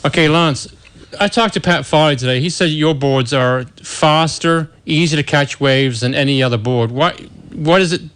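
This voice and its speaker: A male radio host with a somewhat high voice, friendly and upbeat as he takes callers. He keeps the chat moving in a casual way. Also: normal speed, fairly bright tone, clear, resonant tone.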